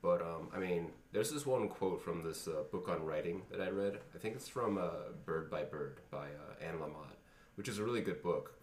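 A man's voice: low voice, expressive, moderate pace. A man co-hosting a casual podcast, talking in a rambling, reflective way with many fillers. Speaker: podcast co-host. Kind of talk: casual chat. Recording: echoey room, far from mic, faint noise.

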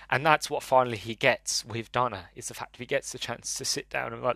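A man's voice: mid-range voice, fairly even intonation, brisk, vocal fry, hardly any pauses, pushed and bright, no echo. A man giving an earnest, emotional review, often restarting his sentences, his voice wavering as if close to tears.

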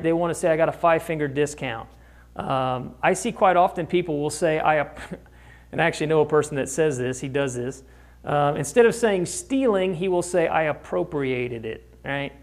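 A man's voice: on the high side, darkish tone. A man preaching a conversational sermon, often asking his listeners rhetorical questions. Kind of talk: sermon teaching.

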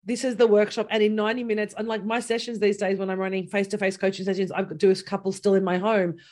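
A woman coach in a casual chat, animated, acting out quoted dialogue and laughing often. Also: mid-range voice, fast. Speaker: business coach.

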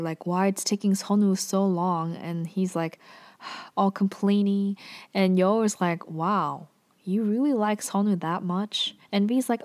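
A woman giving a casual, chatty recap of a TV drama episode, sprinkling her talk with "like" and fillers. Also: medium pitch. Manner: chatty, heavy use of "like" and filler.

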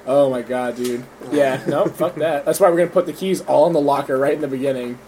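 A man's voice: medium pitch, a little fast, noisy background. A young man casually telling a profane, laughing story to friends. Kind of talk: casual chat.

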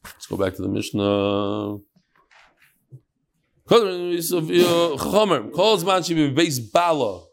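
Animated man teaching Talmud. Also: a little high, slow pace, pauses often. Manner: mixes Yiddish-Hebrew terms into English, acts out dialogue.

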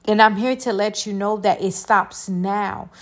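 A young woman, hosting a faith podcast alone; she preaches emphatically, repeats her phrases, and prays softly. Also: medium pitch, steady tone, unhurried. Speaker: podcast host. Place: alone indoors.

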